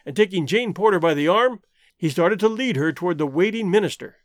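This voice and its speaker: Expressive male audiobook narrator. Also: high voice, brisk, dry recording, clean studio sound. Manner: expressive, theatrical reading.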